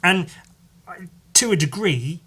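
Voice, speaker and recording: A man hosting a solo podcast, rambling in casual chat, swearing freely and filling pauses with "like" and "um". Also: high voice, expressive, a bit bright, slightly rough. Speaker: podcast host.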